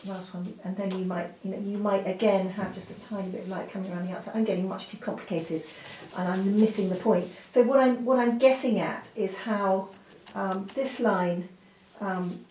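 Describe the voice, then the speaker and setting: A woman's voice: mid-range voice, steady tone, moderate pace, hardly any pauses, mellow. Woman art teacher demonstrating at the easel, chatty and apologetic, mic at a distance in an echoey room. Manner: chatty, full of fillers, apologetic asides. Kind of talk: drawing lesson demonstration. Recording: roomy, from a distance, faint noise.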